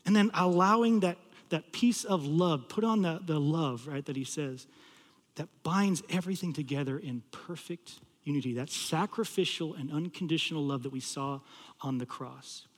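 A male campus pastor delivers a sermon in a storytelling way, pressing hard on some lines and dropping to a hush on others. His voice sits fairly high for a man. A long hall reverb trails after his words. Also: normal speed. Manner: storytelling, swinging from loud pleading to hushed low tones.

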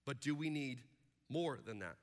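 A man preaching a sermon as pastor, animated and acting out the voices he quotes. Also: medium pitch, moderate pace. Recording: long hall reverb.

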